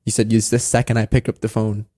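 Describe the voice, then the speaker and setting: A man speaking as a guest on a church podcast discussion, calm, steady and encouraging. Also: lowish voice, quick pace, dry recording, studio quality.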